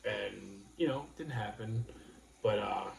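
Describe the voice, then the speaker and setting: A man's voice: lowish voice, vocal fry. Rambling man in a roomy room. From New York. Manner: rambling, halting, full of restarts. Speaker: livestream host. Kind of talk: casual livestream chat. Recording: roomy room with faint noise.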